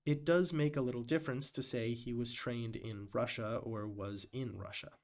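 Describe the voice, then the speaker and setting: A man live-streaming as he reads a hearing transcript aloud, deliberately voicing every quote and end quote marker. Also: mid-range voice, fairly even intonation. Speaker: live-stream reader and commentator.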